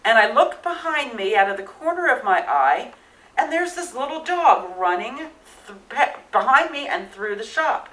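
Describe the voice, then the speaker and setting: Bright, high-voiced woman stage manager. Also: big pitch swings, moderate pace, roomy sound, recorded from a distance, poor audio. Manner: vivid storyteller, shouts quoted lines. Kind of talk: interview anecdote.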